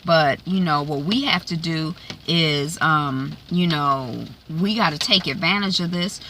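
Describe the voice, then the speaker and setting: A cold-blooded brothel madam lays out her plans slowly and ominously, as a woman puts her on. The voice sits a little higher than plain talk and comes across bright and forward. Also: a little hiss or hum. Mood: scheming.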